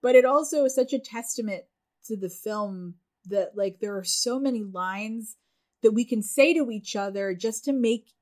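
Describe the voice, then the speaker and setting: A woman co-hosting a podcast in casual chat, enthusiastic and quick to laugh. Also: a little high, a little mellow. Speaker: podcast co-host.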